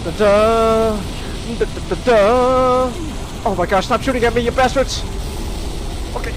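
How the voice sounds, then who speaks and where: A man hosting a live stream, chatting casually while playing a game, with excitable, stammering exclamations. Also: very high-pitched, measured pace, long pauses, very noisy. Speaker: streamer and podcast host. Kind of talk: casual live gameplay chat.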